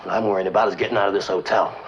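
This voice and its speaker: A man's voice: low voice, steady tone, rapid-fire. An actor playing a hitman in hiding who talks tersely and sounds worried, on an old film soundtrack. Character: nervous male hitman in hiding. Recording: dull 1950s film soundtrack with room hum.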